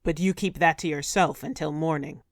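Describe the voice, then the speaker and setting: A woman voicing a gruff male Viking ship skipper in an audiobook, barking orders. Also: low voice, fairly even intonation, normal speed, dry recording, clean studio sound, voice pushed down. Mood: grim.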